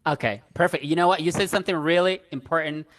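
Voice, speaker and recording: A man's voice: a little high, fast, fairly bright tone. Chatty male stream host. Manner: conversational, agreeing often, storytelling. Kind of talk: casual chat reading viewer questions.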